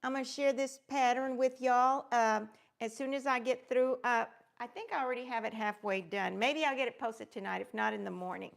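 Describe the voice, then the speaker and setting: Lady crafting live, high voice w/ lots of fry, gushy and chatty. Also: brisk, hardly any pauses. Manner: gushing, greets viewers by name; rambling with many fillers. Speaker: crafting livestream host. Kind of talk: casual live-stream chat.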